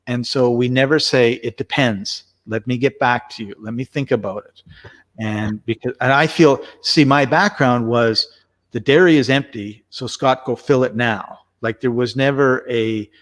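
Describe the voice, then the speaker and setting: A man's voice: mid-range voice, moderate pace. A man chatting casually as co-host, telling a rambling story with lots of restarts. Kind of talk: casual conversational chat.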